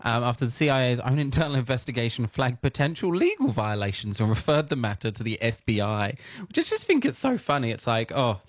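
Animated giggly male co-host. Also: medium pitch, no echo, studio quality. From United Kingdom. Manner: animated, giggly, quick asides. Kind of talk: casual news chat.

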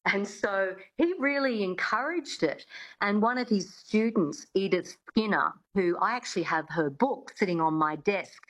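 A woman's voice: medium pitch, measured pace, low-quality recording. A woman working as a dialect coach, explaining as a radio interview guest, often hesitant with fillers and restarts.

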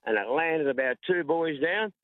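A man's voice: fairly high pitch, animated, normal speed, dry recording. A middle-aged Australian man calling in, telling a rambling story in a chatty, colloquial way. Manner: rambling storyteller, calls host darling. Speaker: caller. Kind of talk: casual phone-in chat. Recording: dry tinny phone line.

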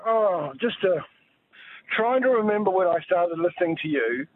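Higher-voiced man on a rumbly phone line. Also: lively intonation, normal speed. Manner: chatty, reminiscing. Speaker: caller. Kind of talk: phone-in call to radio.

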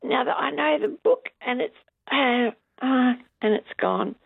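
An older woman phones in to a late-night radio show and chats like an old friend. Her voice is gravelly and husky, a bit high, and comes through a tinny phone line. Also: measured pace, no room sound. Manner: chatty, laughing, casual. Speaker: caller.

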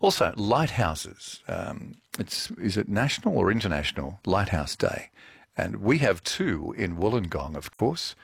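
Chatty Australian radio host, low-voiced man. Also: very animated, unhurried, vocal fry, slightly rough, dry recording. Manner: chatty, meandering, self-correcting. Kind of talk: casual morning radio talk. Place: radio studio. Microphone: studio microphone.

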